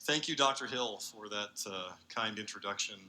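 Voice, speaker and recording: A man giving an earnest conference talk as a university researcher, speaking haltingly with many fillers. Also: lowish voice, loud music behind the voice, rough recording. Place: large convention hall.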